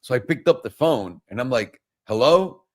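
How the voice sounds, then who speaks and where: A man's voice: medium pitch, lively intonation, fairly quick, a little mellow. Joking, crude man hosting a trading talk. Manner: loose, profane, joking. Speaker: co-host, trading educator. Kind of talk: casual chat and chart walkthrough.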